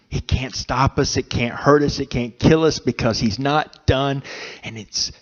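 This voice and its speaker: A man delivers a slow, heartfelt sermon in a church, letting long pauses fall between his phrases. His voice sits at a middle pitch, and the recording sounds dull and lo-fi. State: emotional, choked up. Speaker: preacher. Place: church sanctuary.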